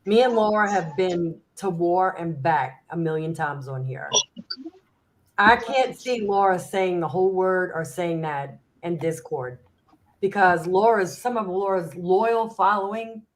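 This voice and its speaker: Chatty low-voiced woman streamer. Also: lively intonation, a little slow, rough recording. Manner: chatty, laughs easily. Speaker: panel guest, fellow streamer. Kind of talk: casual livestream chat.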